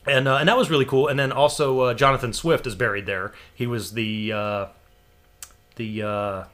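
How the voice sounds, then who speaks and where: An American man telling a long story in casual chat, animated and laughing, with some swearing. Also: mid-range voice, moderate pace. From United States.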